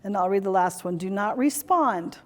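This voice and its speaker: A woman's voice: mid-range voice, lively intonation, moderate pace. A woman corporate trainer leading a workshop for a retreat audience, encouraging and conversational, acting out playful examples. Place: retreat venue meeting room. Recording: long reverb of a hall.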